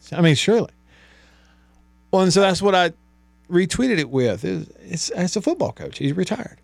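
Animated sports radio host. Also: male voice, sits high, a little slow, gravelly, no echo. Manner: animated, exasperated, rhetorical, rising to near shouts. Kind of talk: sports talk radio monologue. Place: radio studio. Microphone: studio microphone.

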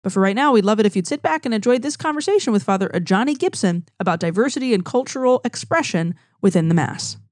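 A woman with a Louisiana accent hosts a podcast interview in a friendly, chatty way. Her voice sits at a middle pitch for a woman and is recorded dry, with no room sound. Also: lively intonation, fast talker, a little mellow, no echo. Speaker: podcast host.

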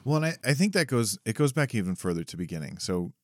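A man's voice: fairly low pitch, sing-song, quick pace, no room sound, clean studio sound. A man co-hosting a podcast who explains his ideas at length in a thoughtful way, often restarting his sentences. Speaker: podcast co-host; parent. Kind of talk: casual chat.

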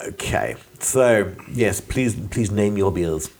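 A man's voice: on the low side, slow pace, darkish tone, slight background noise. A man co-hosting a podcast in casual chat, giggling often and reading listener letters aloud. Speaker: podcast co-host.

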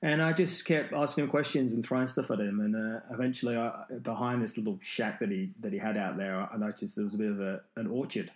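A man's voice: fairly low pitch, steady tone, fast, few pauses. A man who is an endurance runner, telling a story as an interview guest, rambling with many restarts. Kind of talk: storytelling in conversation.

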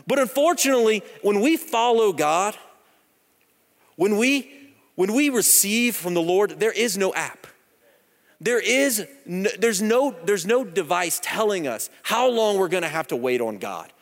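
A man's voice: sits high, expressive, unhurried. A man in his thirties preaching a sermon in a church, telling a personal story in a conversational, joking way. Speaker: pastor. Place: church sanctuary. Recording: long hall reverb.

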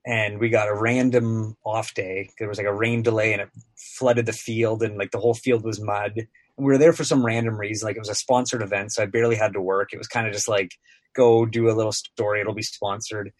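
A man's voice: lowish voice, fairly even intonation, fast, dry recording. A sports broadcaster guest, a man in his thirties, telling casual stories on a podcast, rambling with lots of filler words.

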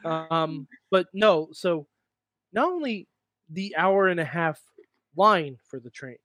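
A man with a notably high voice tells a rambling story on a casual talk show. He is animated and breaks into mocking sung bits. The sound is dry and close. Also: slow, no echo. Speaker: podcast co-host. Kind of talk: casual chat.

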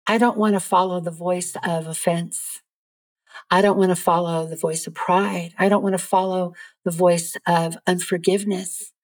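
A middle-aged woman speaking as a podcast guest, giving an earnest, lively faith testimony. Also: lowish voice, normal speed, no echo.

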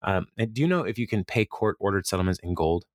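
A man's voice: sits low, lively intonation, quick pace, no echo, clean studio sound. A man hosting a podcast, casually recapping episodes, rambling and often laughing as he quotes characters. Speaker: podcast host.

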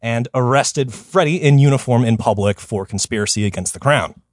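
A man's voice: mid-range voice, moderate pace, dry recording, studio quality. A man hosting a comedy history podcast, telling the story casually, swearing freely and acting out the people in it. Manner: animated, swears freely, acts out quoted figures.

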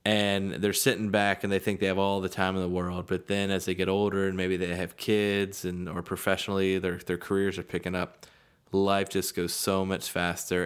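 A man with a low voice hosts a casual podcast in an easygoing, rambling way. He is in his thirties and pokes fun at himself as he chats. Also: clear, resonant tone. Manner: easygoing, rambling, self-deprecating. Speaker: podcast host.

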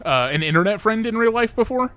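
A man's voice: high voice, animated, quick pace, a bit bright. A man chatting casually as a podcast guest, rambling with many fillers and restarts. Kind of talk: casual chat.

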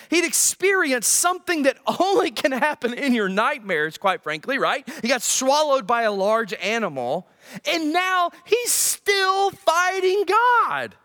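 A man delivers a sermon in a high, bright voice. His pitch is very lively, climbing into loud bursts and then dropping to hushed, almost whispered lines. He keeps asking the congregation "right?". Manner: dramatic swings from loud bursts to near-whispers. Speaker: pastor.

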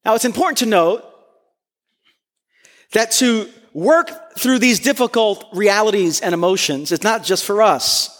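A man with an unusually high-pitched voice delivers a sermon. He speaks earnestly and with strong emphasis, at times lifting almost to a shout. His voice carries a long reverb that fills a large hall. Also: animated, measured pace. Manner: earnest and emphatic, rising to near-shouts on key points. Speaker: preacher.

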